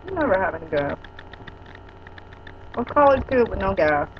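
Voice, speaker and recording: A woman's voice: medium pitch, very animated, normal speed, highs cut off, a little hiss or hum. A woman in her forties chatting casually to viewers on a webcam at home, rambling and teasing. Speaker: vlogger. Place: at home indoors.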